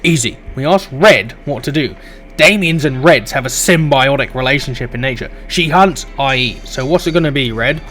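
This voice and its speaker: A man voicing a brash, reckless young male monster who blusters in a fast, pushy way. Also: medium pitch, a bit bright, soft background music, lightly acted. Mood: blustering.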